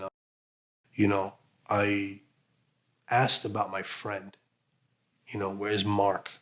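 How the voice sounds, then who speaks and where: A man giving an emotional personal account as an interviewee, halting, with many fillers and restarts. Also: on the low side, fairly bright tone.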